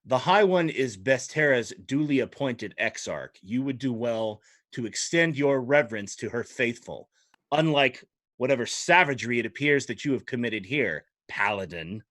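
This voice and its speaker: A man's voice: mid-range voice, lively intonation, moderate pace, fairly bright tone, close to an everyday voice. A man voicing a young self-righteous priest. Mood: stern. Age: 20s. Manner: indignant, preachy.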